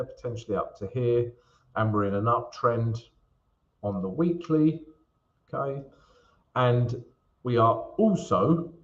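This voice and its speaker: Guy doing a live trading q&a stream, loose and chatty, lots of ums and okays, kinda dull lo-fi sound. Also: mid-range voice. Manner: chatty, frequent fillers and tag questions. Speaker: forex trading host. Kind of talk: live stream Q&A, chart analysis.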